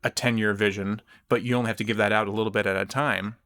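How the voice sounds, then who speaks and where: A man co-hosting a casual church podcast, talking in halting bursts with many restarts. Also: fairly low pitch, fairly even intonation, fairly bright tone, no echo.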